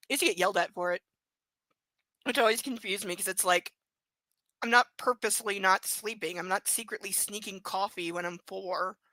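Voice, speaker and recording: A woman's voice: mid-range voice, pushed and bright, no room sound. Blunt, sarcastic woman reading live. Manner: blunt, crude, sarcastic asides. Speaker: live-stream book reader. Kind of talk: live reading with casual commentary.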